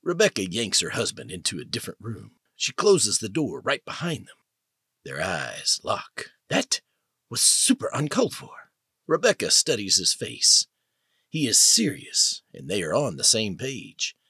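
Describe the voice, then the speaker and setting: Expressive husky male narrator. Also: lowish voice, unhurried, no echo, studio quality. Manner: dramatic, expressive. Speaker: audiobook narrator. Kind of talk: scripted narration.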